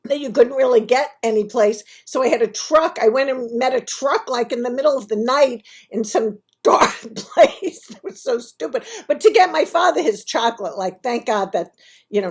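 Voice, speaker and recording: A woman's voice: fairly high pitch, gravelly, slightly rough. A woman talking to the camera in a casual video monologue, rambling and laughing at herself. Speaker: vlogger.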